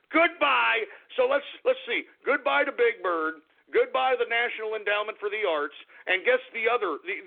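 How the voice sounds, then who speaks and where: A man's voice: high-pitched, vocal fry. A man hosting a political commentary show, reading items aloud and ranting about them with exasperated, sarcastic asides. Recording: tinny phone-like line.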